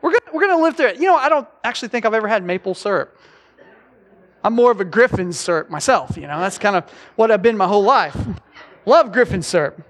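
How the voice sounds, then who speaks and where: A man's voice: sits high, lively intonation, brisk, a bit bright, big-room sound. A middle-aged man, preaching a conversational sermon with joking asides to his congregation. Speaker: pastor. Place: church sanctuary.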